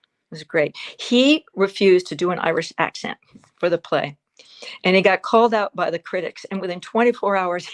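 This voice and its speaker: A woman over seventy speaks as an interview guest, her voice sitting on the lower side. She tells stories expressively, leaning on emphatic repeated words. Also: normal speed. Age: 70s. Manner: expressive, warm storytelling with emphatic repetitions. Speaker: guest actor.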